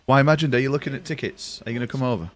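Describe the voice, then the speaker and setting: A man's voice: mid-range voice, racing. A young man chatting casually with his live-stream audience from his room, rambling and swearing freely. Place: home room.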